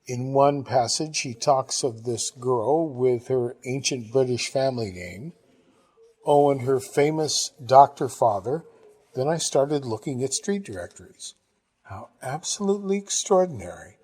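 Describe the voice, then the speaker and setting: A man reading a novel aloud, narrating in the first person at a measured pace. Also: medium pitch, darkish tone, slightly rough. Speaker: audiobook reader.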